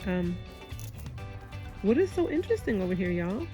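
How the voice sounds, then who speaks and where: A woman's voice: medium pitch, big pitch swings, moderate pace, mellow, soft background music. A woman in her thirties walking through her backyard garden and talking to viewers in a chatty, sighing way, calling them y'all. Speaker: homestead vlogger. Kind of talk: casual garden vlog.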